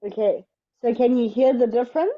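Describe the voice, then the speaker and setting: A woman teaching English in an online lesson, explaining step by step in a patient, slow way. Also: on the high side, dull audio.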